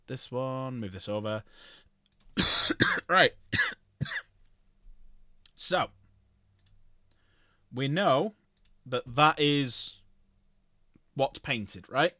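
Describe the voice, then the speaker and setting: A man's voice: medium pitch, pushed and bright, clear, resonant tone, dry recording, clean studio sound. Rambling man streaming. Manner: rambling, self-correcting, lists items aloud. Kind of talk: casual livestream chat.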